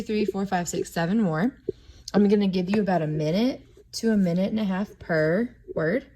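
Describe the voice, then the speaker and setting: A woman teaching a classroom lesson, walking students through each step aloud in a clear, methodical way. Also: lowish voice, darkish tone, slight background noise. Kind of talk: classroom instruction on syllabication.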